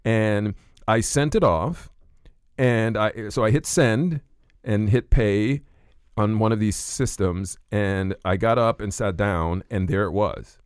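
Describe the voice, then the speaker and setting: A man hosting a podcast, telling stories in a relaxed, conversational way and laughing easily. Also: lowish voice, slow pace, clean tone, no room sound, clean studio sound. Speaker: podcast host. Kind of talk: casual conversational interview.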